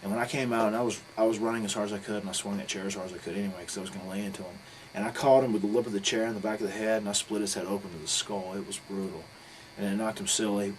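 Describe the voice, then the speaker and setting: A middle-aged man telling a story in a casual interview, swearing freely and acting out quotes with sudden loud bursts. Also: on the low side, a little hiss or hum, poor audio.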